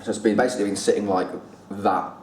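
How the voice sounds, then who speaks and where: A man giving a casual spoken review, chatty, pausing and repeating words as he thinks. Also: fairly low pitch, steady tone, a little mellow. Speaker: whisky reviewer. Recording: roomy echo, distant mic, faint room noise.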